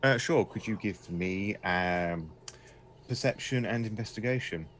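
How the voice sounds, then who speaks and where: Male game master, lowish voice, loose rambling narration. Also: a little slow, a bit bright, slight background noise. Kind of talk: running a tabletop horror game.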